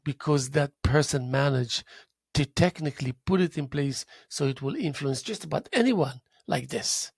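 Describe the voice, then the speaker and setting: In a casual monologue, a male talk show host with a gravelly, husky voice tells a story expressively at normal speed, his pitch swinging up and down, and vocally imitates drum beats. The sound is dry and close, with no room sound.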